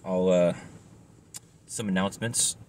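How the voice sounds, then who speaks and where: A man talks in a casual vlog with a very low voice. He sounds tired and stressed, rambling and apologizing, with fillers and restarts. A faint hiss of noise sits under his voice. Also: fairly even intonation, a little slow, darkish tone. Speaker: cigar reviewer.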